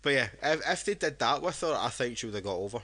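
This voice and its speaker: Drunk man, rambling, bright voice, casual podcast chat. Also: mid-range voice, animated, fast. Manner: rambling, with many restarts. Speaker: podcast co-host.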